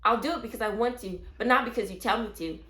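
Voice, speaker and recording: A woman voicing a cross, rude green parrot in a read-aloud storybook, talking loudly and bluntly. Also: a little high, fast, voice pushed up. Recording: roomy echo.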